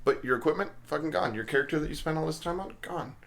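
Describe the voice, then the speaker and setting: A man's voice: on the high side, fast talker, gravelly, over a noisy crowd. A man guest on a casual gaming podcast, ranting bluntly and enthusiastically and swearing constantly. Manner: blunt, profane, enthusiastic rants.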